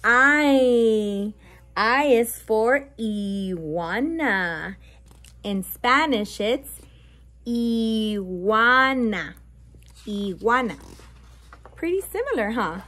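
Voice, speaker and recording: A woman's voice: on the high side, animated, a bit bright. A woman reading a bilingual picture book aloud to toddlers, stressing each letter sound and adding playful animal noises. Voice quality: slow, sound-by-sound letter emphasis. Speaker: children's book reader.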